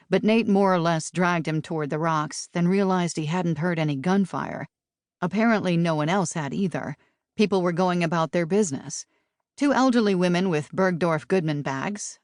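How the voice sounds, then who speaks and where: A woman narrating a novel for an audiobook in a steady, measured way, recorded close on a studio mic. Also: on the low side, dry recording.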